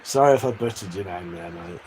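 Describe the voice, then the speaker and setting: A man's voice: low voice, brisk, darkish tone, rough recording. An English man chatting casually and crudely on a live stream, reading out chat messages and laughing often. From England. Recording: faint background noise.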